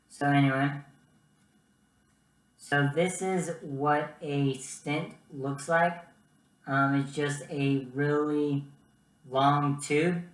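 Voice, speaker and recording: A man's voice: on the high side, fairly bright tone. Young male vlogger, casual storyteller who talks to his viewers, recorded in a roomy space. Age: young adult. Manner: chatty, keeps addressing viewers as guys. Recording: echoey room.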